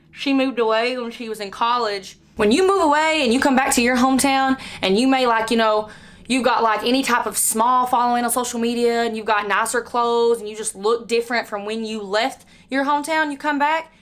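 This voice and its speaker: A woman's voice: on the high side, a bit bright. A young woman chatting candidly while doing her makeup, swearing freely and filling her talk with "like" and "you know.". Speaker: beauty vlogger. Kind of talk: casual get-ready-with-me chat while doing makeup.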